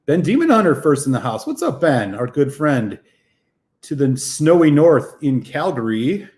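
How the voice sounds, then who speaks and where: A man's voice: on the high side, sing-song, moderate pace, darkish tone. A man hosting a live whisky stream, chatting casually and greeting viewers by name, a little out of breath after a run.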